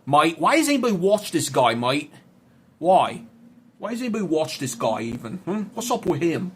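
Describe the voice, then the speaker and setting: A man putting on a sneering male heckler with a mock Australian accent, loud and drawling. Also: a little high, big pitch swings, moderate pace, slight background noise. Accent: put-on Australian.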